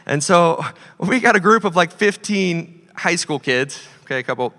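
A man preaching a storytelling sermon to a church, his voice bright and a little high for a man. He swings between loud, animated bursts and hushed, earnest stretches. The sound carries a long hall reverb from the church auditorium. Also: normal speed. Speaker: pastor.

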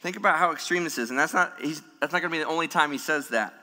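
A man preaching a sermon in a church, animated, acting out the voices of people in the story. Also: fairly high pitch, racing. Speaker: pastor. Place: church hall. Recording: long hall reverb.

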